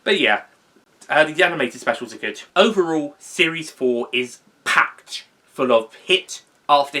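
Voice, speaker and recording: A young man talking casually in an unscripted video, rambling, correcting himself and filling pauses with um. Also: mid-range voice, sharp tone. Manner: rambling, with fillers and self-corrections. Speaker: video host ranking seasons.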